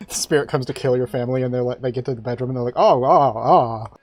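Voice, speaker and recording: A man's voice: medium pitch, darkish tone. A man running a tabletop game as dungeon master, narrating with a rambling, restart-filled delivery.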